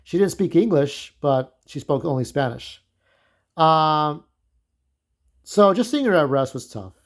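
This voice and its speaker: Candid rambling man, slightly high voice. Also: lively intonation, measured pace. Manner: candid, digressive, swears freely. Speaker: vlogger. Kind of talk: casual reminiscing monologue.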